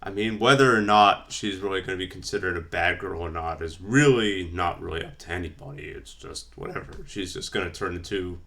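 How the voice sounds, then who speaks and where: A man's voice: low voice, a little fast, few pauses, fairly bright tone. A man vlogging casually, rambling with lots of fillers while he reads from his notes. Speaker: wrestling vlogger. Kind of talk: casual fantasy-booking commentary.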